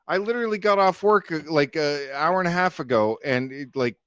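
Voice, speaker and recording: A man rants angrily on a livestream panel, swearing and jeering as he goes. His voice sits a bit high and comes through dry and muffled. The audio has the dull, lo-fi sound of an online call. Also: a little fast, a bit bright, clear, resonant tone, dry recording. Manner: angry, profane, jeering rant. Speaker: panel guest. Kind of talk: heated livestream panel rant.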